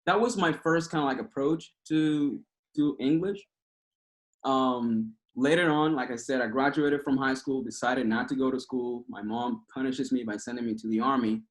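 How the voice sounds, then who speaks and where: A man in his thirties from Cuba with a Cuban Spanish accent, a native Spanish speaker giving a casual, passionate talk that rambles with restarts. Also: mid-range voice. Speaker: guest speaker. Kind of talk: casual talk over a video call.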